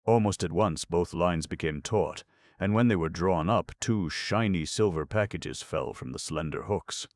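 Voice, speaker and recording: A man narrating a classic storybook in a steady, measured way. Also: low-pitched, dry recording, clean studio sound. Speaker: audiobook narrator. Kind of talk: scripted narration.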